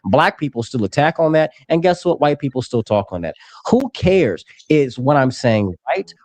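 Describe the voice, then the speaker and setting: A man's voice: medium pitch, sing-song, normal speed, darkish tone, dry recording. A man in his twenties arguing heatedly in a live-streamed debate, aggressive and profane, talking over the others. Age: 20s. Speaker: political commentator.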